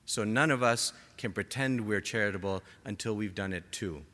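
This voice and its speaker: A man preaching a sermon to a gathered congregation, impassioned, rising to emphatic peaks and dropping to soft, quiet lines. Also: on the low side, normal speed. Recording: long hall reverb.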